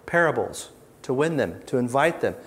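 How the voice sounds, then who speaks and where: A man's voice: mid-range voice, lively intonation, moderate pace. Emphatic man teaching a live audience. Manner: emphatic, rhetorical questions, swings between loud and hushed. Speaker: Bible teacher.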